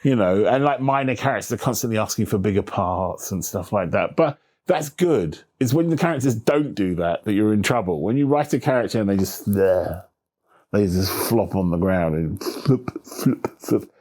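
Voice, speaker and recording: A man's voice: on the low side, moderate pace. A man, an author being interviewed, chatting casually and acting out quoted voices with plenty of humor. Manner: animated storyteller, acts out quoted voices, swears casually. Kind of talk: relaxed conversational interview.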